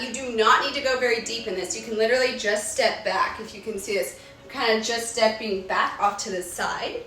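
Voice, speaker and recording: A woman leading a live-streamed yoga workout from home, giving calm step-by-step cues and countdowns, a little out of breath. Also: a little high. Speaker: yoga instructor. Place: home room. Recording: echoey room, far from mic, music behind.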